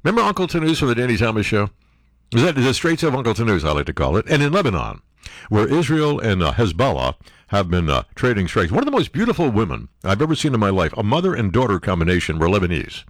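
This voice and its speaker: Older male commentator, sarcastic and mocking, very lively pitch that leaps into silly voices, dry close sound. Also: quick pace, no room sound. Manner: mocking, acts out silly voices for quoted people. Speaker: political commentary host.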